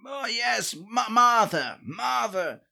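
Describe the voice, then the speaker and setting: A man doing a whiny gravelly old husband. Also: very high voice, sing-song, slow, sharp tone, full character voice. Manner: whiny, keeps calling for his wife. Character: doddering old husband, forgetful and needy. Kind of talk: comedic podcast sketch.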